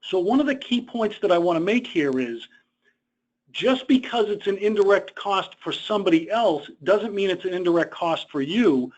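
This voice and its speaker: A man's voice: high-pitched, lively intonation, moderate pace. A man presenting a webinar lecture in a conversational way, explaining rules through personal stories. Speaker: presenter on government contract costs. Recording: dull lo-fi webinar audio.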